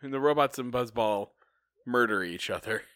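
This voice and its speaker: A man's voice: mid-range voice, normal speed, a bit bright, dry recording, studio quality. A man co-hosting a casual podcast, chiming in with joking, teasing asides. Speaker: podcast co-host. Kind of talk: casual chat.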